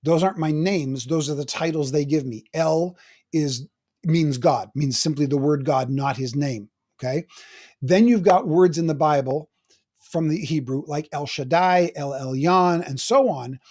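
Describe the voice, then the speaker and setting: A man's voice: on the high side, a little slow, darkish tone. An older man, a teaching pastor, explaining the Bible in a chatty, self-deprecating way with frequent restarts.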